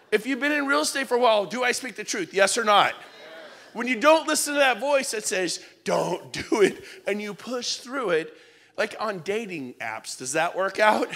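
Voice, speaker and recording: A man in his fifties giving a lively, joking motivational speech to a live audience, often shouting for emphasis. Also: very high voice. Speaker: keynote speaker. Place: event hall. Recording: long reverb of a large event hall.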